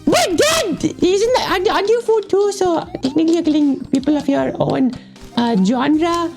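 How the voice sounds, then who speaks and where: A needy little radish son in a game voice-over, put on by the player, whining and pleading for his dad. The voice sits extremely high and leaps about wildly in pitch. Faint music plays underneath. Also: animated, normal speed, vocal fry, heavily acted. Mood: whiny pleading. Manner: whiny, pleading, often shouting "Dad". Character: clingy little radish son, whiny and dramatic.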